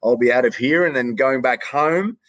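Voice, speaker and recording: A man's voice: medium pitch, moderate pace, a bit bright, no echo, muffled recording. A man with an Australian accent, a stadium announcer chatting as a guest on a podcast, rambling and repeating words, calling the host mate. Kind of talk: casual podcast conversation. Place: hotel quarantine room.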